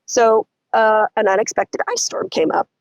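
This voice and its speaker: A middle-aged woman, telling a story as a guest in an interview, animated and vivid. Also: normal speed, no room sound, lo-fi sound. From Texas. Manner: animated, vivid storytelling with lots of pitch swings.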